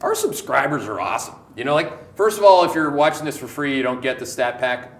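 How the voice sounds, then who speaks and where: A man's voice: mid-range voice, fairly quick. A Canadian man hosts a markets show, his voice sitting in the middle of the male range. He talks in punchy, emphatic bursts and jokes as he goes. The room behind him rings with a noticeable echo. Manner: animated, emphatic, jokey, repeats words. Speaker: host. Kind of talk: market commentary on a live show. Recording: echoey room.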